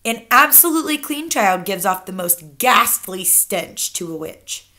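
A woman's voice: medium pitch, very animated, a little slow, pushed and bright. A woman reading aloud the part of a stern, wise old grandmother, in a firm, matter-of-fact way. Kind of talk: children's book read-aloud.

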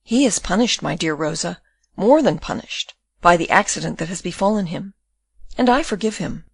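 A woman voicing a calm condemned young prisoner. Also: fairly low pitch, moderate pace, slightly rough, no room sound. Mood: tender. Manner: tender, calm and consoling.

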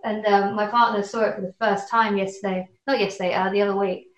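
A woman's voice: medium pitch, steady tone, fast. A woman guest chatting and telling an embarrassing anecdote, amused at herself. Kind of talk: casual anecdote. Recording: roomy, distant from the mic.

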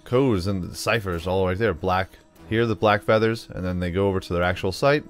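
A man narrating his let's play video, rambling cheerfully as he explains each puzzle step aloud. His voice sits on the low side. Soft music plays in the background. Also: brisk. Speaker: gaming video host.

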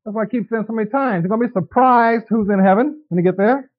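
A man with a notably high voice preaches a sermon, keeping it conversational and turning to the congregation with quick questions. The recording is dull and lo-fi, like an old tape of a church service. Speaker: pastor.

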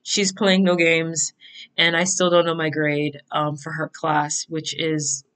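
Using a desk mic at her computer, a young woman chats through planning her bullet journal in a plan-with-me style, rambling on tangents and giggling. She speaks slowly in a low, fairly bright voice with a completely flat delivery.

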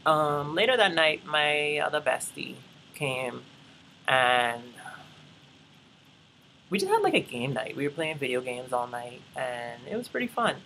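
A young adult vlogger from the Bahamas rambles through a chatty travel story, talking to viewers as y'all and wandering into asides. The medium-pitched voice swings widely in pitch, runs a little slow, and sounds gravelly and sharp. There's a little hiss or hum on this rough recording.

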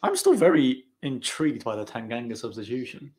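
A man's voice: medium pitch, brisk. A man hosting a live football watch-along, chatting and calling out the play as it happens. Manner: excitable, calls out play as it happens. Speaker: channel host.

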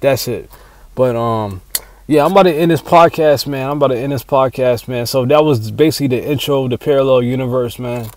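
A man hosting his own solo podcast, rambling and excitable, swearing constantly as he talks. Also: mid-range voice, fairly quick, no echo. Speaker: podcast host. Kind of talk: casual solo podcast monologue.

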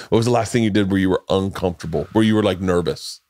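A deep, darkish voice belongs to this forties-aged podcast host, who talks fairly quickly. He rambles through foul-mouthed stories and laughs at his own jokes in casual storytelling chat, with no room sound in the recording.

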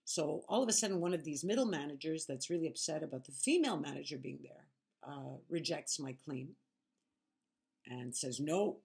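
A woman's voice: sits low, animated, normal speed, vocal fry, darkish tone, husky. A woman vlogger telling her story in a casual monologue, frank, sarcastic and emphatic.

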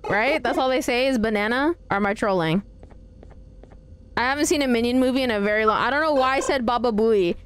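A woman's voice: on the high side, lively intonation, fairly quick, faint music behind. A woman live-streaming a horror game, chatting playfully with her viewers as she plays. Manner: chatty, playful, talks to chat. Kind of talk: live gameplay commentary.

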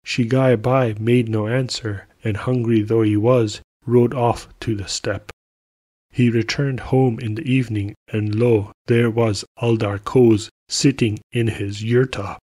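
Slow, husky male storyteller. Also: medium pitch, no room sound. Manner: calm, measured storytelling. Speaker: podcast storyteller. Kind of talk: read-aloud folk tale narration.

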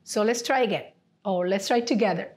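A woman yoga therapy instructor leading a seated class with gentle step-by-step cues, often checking in with "right?". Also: medium pitch, brisk.

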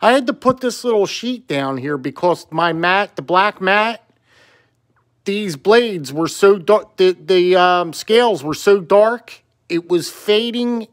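Chatty high-voiced man from South Jersey. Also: lively intonation, slow pace. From South Jersey, USA. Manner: rambling, chatty, playful sing-song bits. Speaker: knife collector vlogger. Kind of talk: casual chat to camera.

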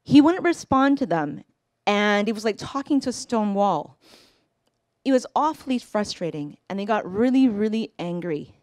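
A woman's voice: mid-range voice, lively intonation, darkish tone, dry recording, studio quality. Woman telling a personal story live. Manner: conversational, with pauses and self-corrections.

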